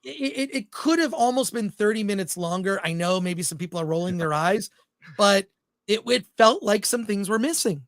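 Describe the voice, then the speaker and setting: A man's voice: sits high, expressive, normal speed, no echo, studio quality. A man co-hosting a film podcast in casual, opinionated chat, reading out live chat comments as he goes. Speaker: podcast co-host.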